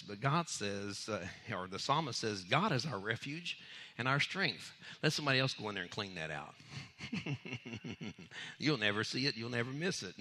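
A man preaching a sermon in a lively, conversational way, acting out the voices of the people in his story and laughing between points. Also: mid-range voice, moderate pace. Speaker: pastor.

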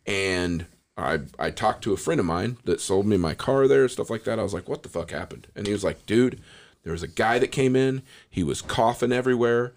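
Casual podcast host, low voice, lively swings, profane rant. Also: male voice, a little fast. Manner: profane, ranting, animated. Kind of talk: casual chat.

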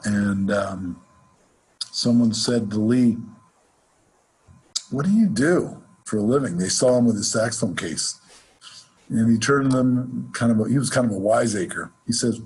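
A man teaching a jazz lesson, explaining scales in a relaxed way and counting off examples. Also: mid-range voice, measured pace, pauses often, a little hiss or hum. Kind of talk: instructional lesson with playing examples.

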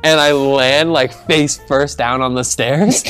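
A man's voice: medium pitch, fairly even intonation, slow pace, a bit bright, clean tone, soft background music. A young man co-hosting a podcast, telling an embarrassing story in a rambling, self-mocking way with lots of laughing. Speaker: podcast co-host. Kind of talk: casual storytelling chat.

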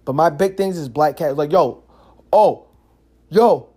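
A man hosting a casual solo podcast, telling stories in an animated, slangy way, cursing freely and filling his talk with "yo" and "like". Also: on the high side, a little slow. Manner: animated, slangy storytelling with frequent "yo" and "like"; curses freely. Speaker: podcast host.

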